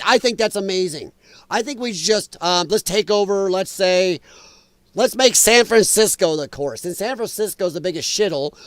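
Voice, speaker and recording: High-voiced man ranting to his livestream chat. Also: no room sound, studio quality. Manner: animated, laughing often, talking to chat. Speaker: livestream host. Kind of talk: casual livestream commentary.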